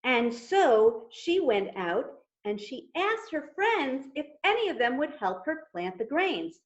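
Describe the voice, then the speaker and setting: A woman rabbi tells a story to toddlers at an unhurried, slow pace. She speaks gently, coaxing the children to act along with her. Her voice sits a bit high, and the recording is dull and lo-fi. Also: big pitch swings.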